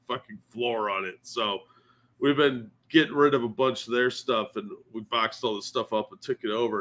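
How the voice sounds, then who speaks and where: A man's voice: mid-range voice, fairly bright tone. A man co-hosting a casual morning stream, talking in a sleepy, self-deprecating way and swearing freely. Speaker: podcast co-host.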